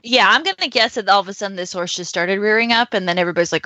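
A woman's voice: mid-range voice, rapid-fire, pushed and bright, no echo, lo-fi sound. A woman guest in casual talk, playful and joking as she reads ads aloud. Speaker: podcast guest. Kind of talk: casual chat.

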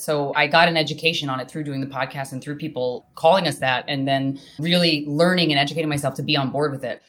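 A woman's voice: low voice, fairly bright tone. A woman comedian speaking frankly and casually as a guest in an interview, swearing freely.

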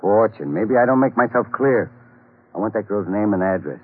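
A man's voice: on the low side, lively intonation, moderate pace, breathy edge. A man playing a brawny, threatening department store Santa in a 1950s radio drama. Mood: menacing. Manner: menacing, insistent. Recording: tinny old 1950s radio broadcast.

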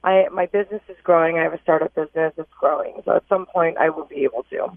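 A woman's voice: low voice, fairly even intonation, fast talker. A woman calling in to a radio advice show, explaining her problem somewhat hesitantly. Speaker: caller. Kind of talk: call-in radio conversation. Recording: tinny phone line.

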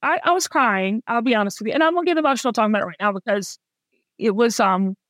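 A woman's voice: a little high, quick pace, fairly bright tone, dry recording. Earnest Southern woman, dry close sound. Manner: earnest, repeats and restarts words, acts out quotes; sassy. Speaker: guest. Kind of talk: heartfelt conversational interview.

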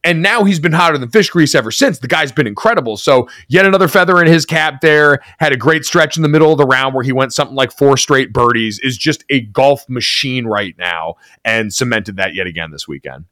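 A man's voice: medium pitch, a little fast, few pauses, sharp tone, no echo, clean studio sound. A young man from Connecticut co-hosting a sports podcast, telling stories and teasing his co-host in casual chat. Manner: storytelling, wry teasing.

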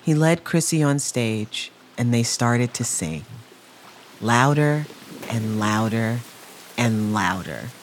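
A man narrating a documentary in a measured storytelling delivery. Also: medium pitch, expressive, a little hiss or hum. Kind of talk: scripted narration.

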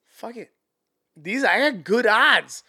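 A man who is a guest on a podcast, telling stories casually in an animated way, swearing freely and acting out quotes. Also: sits high, slow, breathy edge. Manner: animated, profane, acts out quotes. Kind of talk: casual storytelling.

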